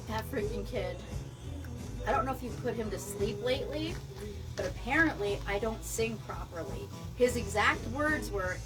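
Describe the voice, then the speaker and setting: A woman co-hosting a casual chat, telling an animated, exasperated story. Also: mid-range voice, moderate pace, rough recording. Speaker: co-host. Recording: clear background music. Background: music.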